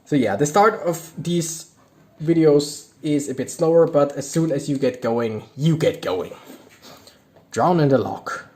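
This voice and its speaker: A young adult man casually reading card text aloud while opening card packs, breaking into excitable reactions. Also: on the high side, unhurried.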